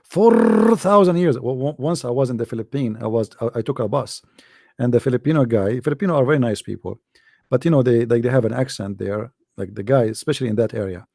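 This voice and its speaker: A man's voice: medium pitch, quick pace, creaky, darkish tone, no echo, clean studio sound. A man giving a scornful, emphatic commentary monologue in non-native English phrasing, repeating phrases and laughing often. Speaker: online religious debater.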